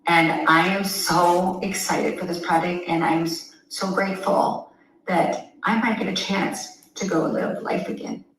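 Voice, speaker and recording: A woman giving an emotional, earnest personal testimonial, halting often with ums. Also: on the low side, little pitch movement, fairly bright tone. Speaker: customer sharing a testimonial. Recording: very echoey room, faint noise.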